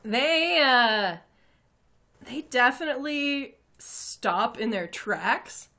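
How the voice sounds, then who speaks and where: A woman narrating as game master for a tabletop game, with a bright, forward voice. She talks hesitantly and fills her sentences with "like" and "um". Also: mid-range voice. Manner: hesitant, many fillers.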